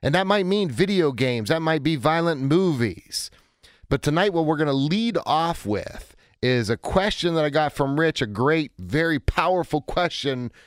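A man in his forties hosting a call-in radio show, talking in an energetic, chatty way with a hoarse, cracking voice. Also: fairly high pitch, moderate pace, no room sound, studio quality. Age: 40s. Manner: energetic, chatty, self-interrupting. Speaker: radio talk show host.

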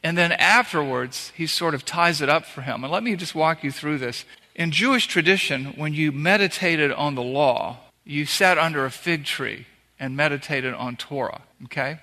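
Bright-voiced man preaching in a hall. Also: on the high side, moderate pace. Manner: earnest preaching with emphatic repetitions. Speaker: pastor. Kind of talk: sermon. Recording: reverberant hall.

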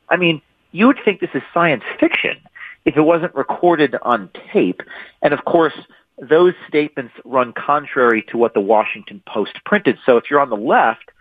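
A man's voice: fairly high pitch, lively intonation, moderate pace, breathy edge. A man being interviewed as an author, answering emphatically and often repeating and restarting words. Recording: thin phone-line audio.

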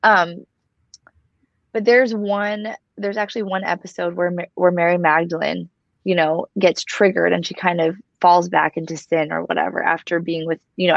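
A woman co-hosting a casual faith conversation, telling a story in an animated way and laughing at herself. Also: on the low side, moderate pace, vocal fry, no echo. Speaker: co-host of a faith talk show. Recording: dull dry lo-fi recording.

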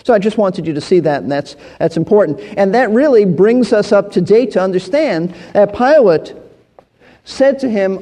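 A man's voice: sits high, lively intonation, moderate pace, mellow, big-room sound. A man teaching through a Bible passage verse by verse, explaining as he goes and often repeating words and restarting phrases.

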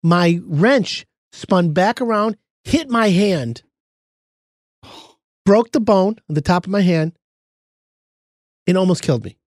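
Animated contractor man hosting a podcast. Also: sits high, slow pace, pauses often, no room sound, studio quality. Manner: animated storytelling with laughs. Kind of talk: casual podcast chat.

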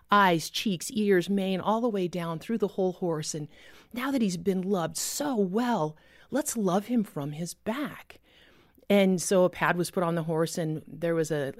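A woman telling a personal faith story as a guest, earnest, with pauses and restarts. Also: fairly low pitch, darkish tone, no room sound, studio quality.

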